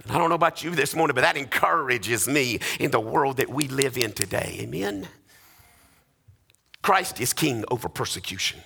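A man's voice: medium pitch, animated, a little fast, creaky, hardly any pauses, pushed and bright, breathy edge. A man preaching a sermon, emphatic and rhythmic, with repeated refrains that lift into sing-song cadences. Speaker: pastor.

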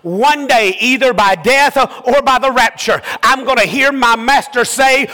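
A man preaching a sermon as pastor, impassioned, rising to shouts and repeating his phrases. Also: very high voice, measured pace, hardly any pauses, big-room sound.

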